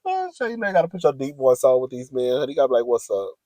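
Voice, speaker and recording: A man's voice: medium pitch, huge pitch swings, very fast, dark tone, dry recording. A man vlogging in a sassy, giggly gossip chat, calling the audience "girl" often. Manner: chatty, sassy, giggly, says "girl" a lot.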